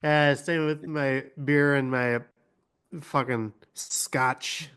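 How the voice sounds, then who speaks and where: A man's voice: mid-range voice, steady tone, extremely slow, fairly bright tone, smooth. A young man co-hosting a casual podcast, laid-back and laughing often. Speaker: podcast co-host. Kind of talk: casual profane podcast chat.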